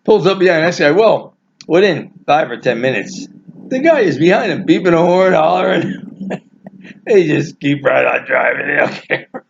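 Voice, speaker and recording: A man casually telling a family anecdote, animated and laughing through his own story. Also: on the high side, normal speed, vocal fry, slight background noise. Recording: dull lo-fi recording.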